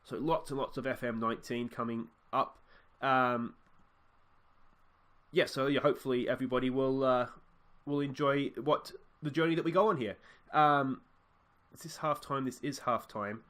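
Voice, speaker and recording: A young man talks his way through a football management game as a chatty let's-play host. His voice sits at an ordinary middle pitch with a bright, forceful edge. He gets excitable when his side attacks. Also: normal speed. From Australia. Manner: chatty, excitable, cheers at goals. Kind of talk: casual gameplay commentary.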